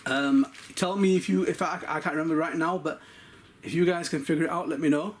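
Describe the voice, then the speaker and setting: A man chatting casually through an unboxing vlog of toy cars, talking quickly and often calling viewers "guys". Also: a little high, fairly even intonation, slight background noise. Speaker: RC car collector vlogger.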